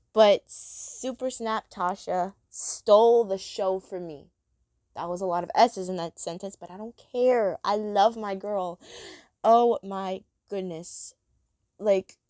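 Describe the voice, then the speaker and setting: A woman's voice: medium pitch, darkish tone, dry recording, studio quality. A woman reviewing a cartoon episode in a chatty, rambling monologue, gushing about the characters.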